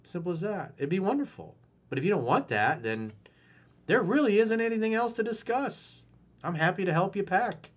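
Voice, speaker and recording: A man's voice: high voice, expressive, normal speed. Blunt swaggering man coaching on dating. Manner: blunt, emphatic, profane and swaggering, acting out lines to say. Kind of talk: video coaching, answering viewer emails.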